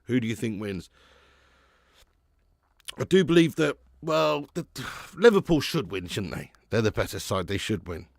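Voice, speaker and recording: A man's voice: medium pitch, big pitch swings, normal speed, gravelly, dry recording, studio quality. A man hosting a live football watch-along, commentating and chatting with viewers, reading out their comments. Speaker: watch-along stream host.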